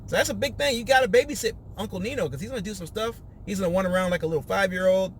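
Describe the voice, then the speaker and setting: A man's voice: high-pitched, very fast, slight background noise. A man hosting a casual podcast, recapping a reality show and acting out quotes in raised voices.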